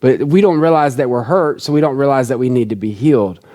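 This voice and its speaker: A man's voice: mid-range voice, quick pace, warm tone. A man preaching a sermon in an earnest, conversational way, repeating key phrases for emphasis. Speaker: pastor.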